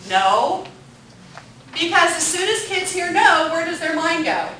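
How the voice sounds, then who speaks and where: Brief: high, bright woman teaching a class. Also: big pitch swings, a little slow, slight background noise. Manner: upbeat, asks the group questions, repeats their answers. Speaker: parenting class instructor. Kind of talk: interactive classroom lecture. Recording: echoey room from a distant mic.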